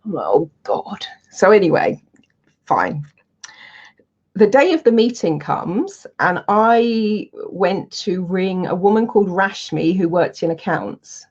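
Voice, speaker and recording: A woman, a public speaking coach, telling anecdotes in a casual, animated way and acting out her own lines. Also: mid-range voice, slow, slightly rough. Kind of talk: casual storytelling to camera. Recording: dull lo-fi sound.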